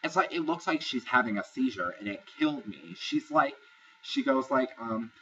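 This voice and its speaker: A man's voice: mid-range voice, lively intonation, moderate pace, sharp tone, far from the mic, dull audio, a little hiss or hum. Chatty, profane man recapping a reality show. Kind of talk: casual review vlog.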